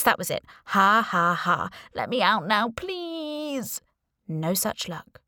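A woman narrating a first-person audiobook with wry, deadpan humor and hushed asides. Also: lowish voice, no echo, studio quality.

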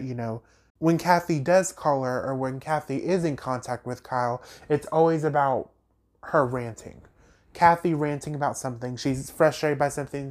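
A man hosting a podcast, recapping and ranting about reality TV in an animated, emphatic way with sassy asides. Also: mid-range voice. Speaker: podcast host.

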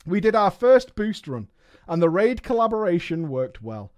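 A man streaming, reading a story aloud and breaking off with quick, joking reactions. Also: sits high, dull audio. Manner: animated, swears and laughs often, reads in quick asides.

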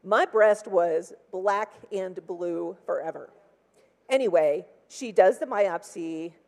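A woman's voice: on the low side, slow, a little mellow, in a large hall. A woman in her sixties giving a personal testimony from a church pulpit, chatty and full of "like" and acted-out quotes. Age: 60s. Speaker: church speaker. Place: large church hall.

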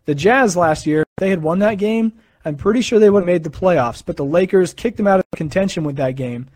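A man's voice: high voice, a little fast, a little mellow, no room sound. A young man from the United States talking casually and rambling to a live audience, with fillers and self-corrections. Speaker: live stream host. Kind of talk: casual sports chat.

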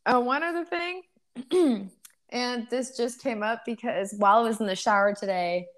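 A woman's voice: fairly high pitch, moderate pace. A woman co-hosting a casual chat, telling stories in a dry, matter-of-fact way. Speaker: podcast co-host.

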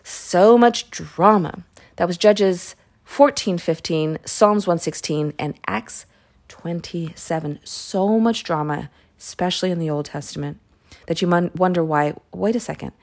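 A woman's voice: fairly low pitch, steady tone, normal speed, a little mellow. A woman casually retelling Bible stories in a chatty way, with self-corrections and side remarks. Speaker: Bible reading podcaster.

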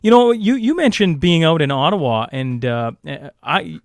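A man with a somewhat high voice hosts a podcast in a casual, joking way. He sounds incredulous and plain-spoken. The recording is dry and close. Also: expressive, moderate pace, dry recording. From Canada. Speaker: podcast host.

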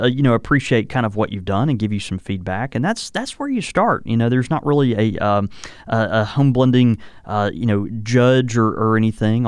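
A man with a smooth, resonant, medium-pitched voice co-hosts a relaxed podcast, chatting casually about pipes. He rambles with lots of "uh," "you know," and restarts, recorded dry and close to the mic with no room sound or echo.

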